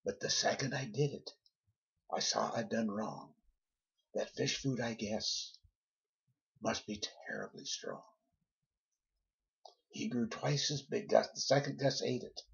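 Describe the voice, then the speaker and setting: A man reading a rhyming children's story aloud with a lively, rhythmic delivery. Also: fairly low pitch, measured pace, vocal fry, pauses often, husky. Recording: dull lo-fi recording.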